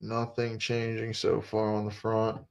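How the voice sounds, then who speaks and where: A man's voice: fairly low pitch, monotone, a little slow, clean tone. A man casually talking through a live sports stream, repeating himself and muttering asides. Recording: dull lo-fi stream audio.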